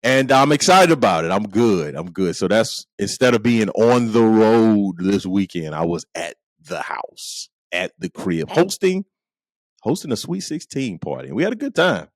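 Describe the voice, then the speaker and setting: A man's voice: fairly low pitch, big pitch swings, moderate pace, dry recording. A middle-aged man hosting a podcast, joking through a comedic monologue with playful asides and frequent laughter. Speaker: podcast host.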